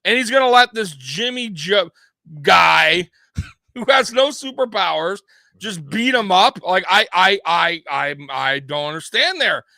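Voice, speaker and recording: A man with a high, sharp and bright voice, talking in a loose casual podcast chat. He rants with energy, swearing and laughing as he goes. The sound is dry and close. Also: a little slow, vocal fry, no echo. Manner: animated, profane ranting with frequent laughter. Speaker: co-host of a sports podcast.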